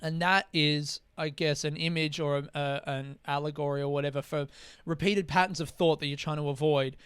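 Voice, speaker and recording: A man's voice: fairly high pitch, steady tone, normal speed, a bit bright, smooth, no room sound. A young man, a comedian hosting his own podcast, talking in a rambling, candid way with lots of swearing. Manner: rambling, candid, swears freely, mimics voices for comic effect. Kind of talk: casual solo podcast monologue.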